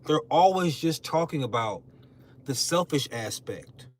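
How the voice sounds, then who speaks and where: A man's voice: fairly high pitch, a little slow, slight background noise. A young man and content creator talking in a casual, slangy rant on a podcast, emphatic and mocking. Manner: animated, emphatic, slangy, mocking quoted voices. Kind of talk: casual talk-show rant.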